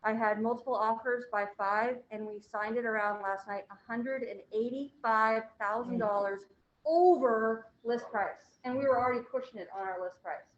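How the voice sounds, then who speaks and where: A chatty, animated woman with a fairly high voice, talking up the housing market at a meeting. The room is echoey and the sound is a little dull. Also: moderate pace, a little hiss or hum. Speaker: real estate agent. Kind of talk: casual announcements.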